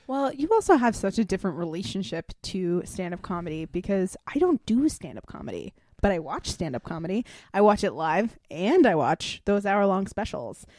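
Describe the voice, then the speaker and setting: A woman's voice: medium pitch, big pitch swings, normal speed, few pauses, a little mellow, no room sound. A woman guest in a casual chat, teasing and arguing her points. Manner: teasing, argumentative.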